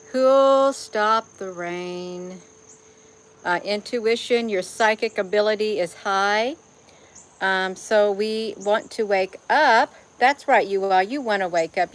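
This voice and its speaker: A woman's voice: mid-range voice, a bit bright, low-quality recording. A woman hosting a casual livestream outdoors, chatting to viewers by name in a folksy way and often saying "you all". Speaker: livestream host reading chat. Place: outdoors among trees.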